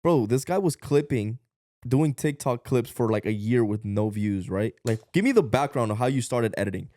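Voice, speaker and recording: A man's voice: mid-range voice, lively intonation, moderate pace, dark tone, no room sound, studio quality. A man co-hosting a podcast, talking casually to viewers and asking them to subscribe. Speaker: podcast co-host.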